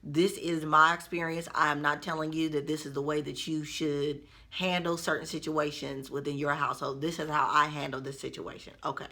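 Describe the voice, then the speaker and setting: A woman vlogger chats straight to her viewers in a relaxed storytime style. Her voice is bright and forceful, sitting a little low in pitch, and she speaks with an expressive, personal manner. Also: fairly quick, hardly any pauses. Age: adult mother. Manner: chatty, expressive, addresses viewers directly. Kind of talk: casual storytime vlog.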